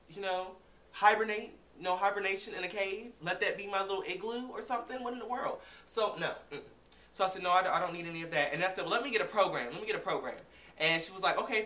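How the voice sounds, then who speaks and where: High, fast-talking young man vlogger. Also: roomy sound. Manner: animated, chatty, acts out dialogue. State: recovering from illness. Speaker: vlogger reviewing a concert. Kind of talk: casual storytelling.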